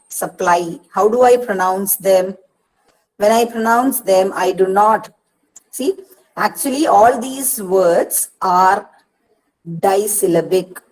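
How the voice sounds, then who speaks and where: Speaking deliberately slowly in Indian English, a woman explains poetry step by step during an online counselling lecture, with repeated points and frequent "see". Her pitch is medium, and the recording is low quality.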